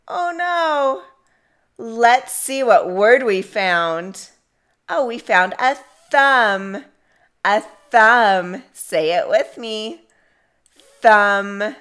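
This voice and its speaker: Woman, speech therapist, toddler word practice, very slow, smooth clear voice. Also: medium pitch, a bit bright. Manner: slow, drawn-out words for children to repeat.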